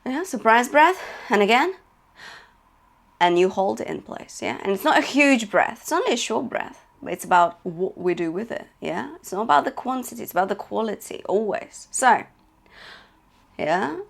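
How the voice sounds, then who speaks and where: A woman's voice: on the high side, lively intonation, moderate pace, vocal fry. Woman, vocal coach, singing lesson, encouraging, frequent check-ins. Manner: encouraging, checks in with "okay?" and "yeah?"; demonstrates sung notes between spoken instructions.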